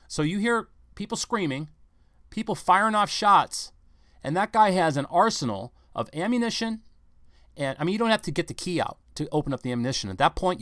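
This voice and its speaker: A man with a fairly high voice delivers edgy, conspiratorial news commentary. He rambles and keeps firing rhetorical questions. The sound is close and dry. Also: a bit bright, no room sound. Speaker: vlog commentator.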